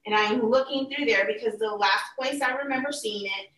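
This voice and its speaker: A woman telling a personal story in casual chat, animated and acting out the people she quotes. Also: fairly high pitch, moderate pace. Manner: animated, acts out quoted voices, laughs through tears. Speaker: podcast guest telling a story. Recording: echoey room, mic at a distance.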